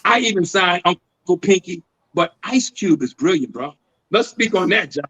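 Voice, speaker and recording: A man, a guest actor, telling stories in a casual podcast chat, animated and laughing as he goes. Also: sits high, normal speed, slightly rough, low-quality recording.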